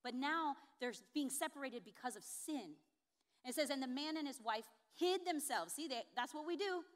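Woman, pastor, sermon, high-pitched, expressive, emphatic peaks. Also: normal speed.

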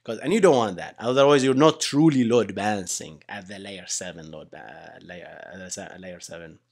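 A young adult man giving a casual whiteboard lecture on software engineering, conversational and animated, often tagging sentences with "right?" and addressing listeners as "guys". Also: deep voice, normal speed, gravelly.

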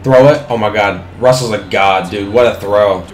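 A young man giving live, excitable commentary on his own football video game, swearing freely and talking at the screen. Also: on the low side, normal speed, reverberant, faint music behind. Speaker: gaming commentator.

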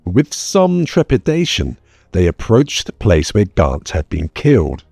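A male audiobook narrator reading in a measured, expressive way, his deep, dark voice moving through a lively pitch range. The sound is close and dry, with soft music faintly underneath. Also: gravelly, husky, no room sound. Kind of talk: scripted narration.

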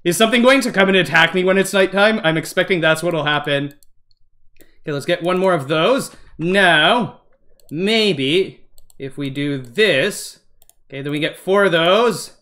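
A man with a high, bright voice gives a let's-play gaming commentary. He narrates each move aloud and addresses his viewers as "guys". He is excitable and jumps at every surprise. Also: a little slow. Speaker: gaming channel host.

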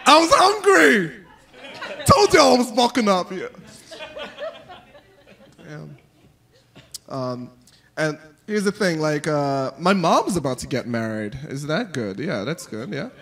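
A male stand-up comic performing live with a high, bright-sounding voice. His pitch leaps and swoops all over as he rambles along, padding his lines with fillers and suddenly cutting into exaggerated character voices. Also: very animated, takes it slowly, creaky, pauses often, a faint crowd. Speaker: stand-up comedian. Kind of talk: stand-up comedy. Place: live comedy venue.

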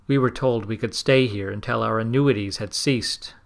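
A man's voice: lowish voice, moderate pace, gravelly. A man reading the part of a proud old male tribal elder who speaks in broken, simple English. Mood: insistent.

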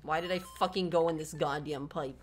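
A woman's voice: low-pitched, steady tone, fairly quick, soft background music. A woman streaming a video game, ranting with melodramatic, profane frustration at a level she is playing. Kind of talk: gameplay livestream commentary.

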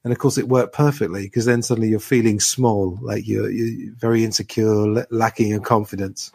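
A man's voice: fairly low pitch, fairly even intonation, a little fast, creaky, mellow, husky, dry recording. A man co-hosting a podcast in casual discussion, explaining with examples and asides. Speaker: podcast co-host.

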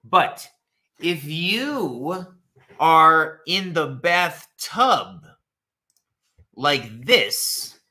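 A man teaching an English lesson online, repeating phrases slowly and answering viewers' questions from the chat. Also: on the high side. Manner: slow, repetitive, animated teacher talk, answers chat questions.

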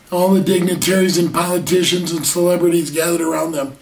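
A man's voice: high-pitched, fairly even intonation, moderate pace, hardly any pauses, a little mellow. A man preaching a sermon earnestly, stretching out key words and asking rhetorical questions, recorded from a distance in an echoey room. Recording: echoey room, mic far off.

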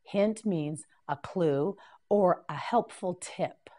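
Slow, low-pitched woman drilling vocabulary. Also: warm tone. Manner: slow, clear repetition with prompts to repeat. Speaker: English vocabulary teacher.

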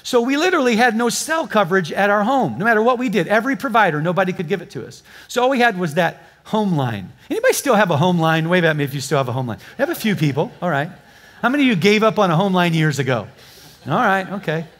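Pastor with a high, story-driven voice. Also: male voice, big pitch swings, fast, fairly bright tone. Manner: storytelling, joking with the congregation. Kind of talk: sermon. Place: church before a live congregation.

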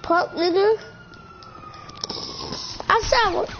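A woman's voice: very high voice, very slow, a bit bright. A woman, trash-talking and swearing playfully while commenting on her gameplay. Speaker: gamer. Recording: dull lo-fi mic with faint background noise.

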